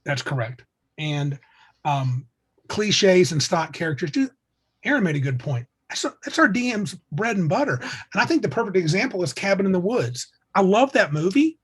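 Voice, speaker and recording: A man co-hosting a casual tabletop gaming podcast, reading passages aloud and chiming in with quick agreement. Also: high-pitched, big pitch swings, breathy edge. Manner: reads quotes aloud, agreeable, quick interjections. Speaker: podcast co-host.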